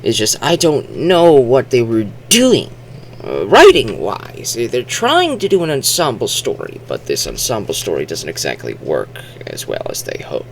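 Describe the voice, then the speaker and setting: A man's voice: mid-range voice, a little slow, gravelly, a little hiss or hum. A man reviewing a movie in a rambling, chatty way, full of fillers and restarts, now and then acting out lines in put-on voices. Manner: acts out quotes in animated voices. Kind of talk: casual spoken movie review.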